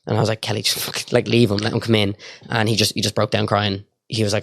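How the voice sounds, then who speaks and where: Fast-talking gravelly Irish young man. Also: on the low side, little pitch movement, a bit bright, no echo, clean studio sound. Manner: rapid, filler-heavy storytelling full of quoted dialogue. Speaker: guest. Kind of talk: casual storytelling.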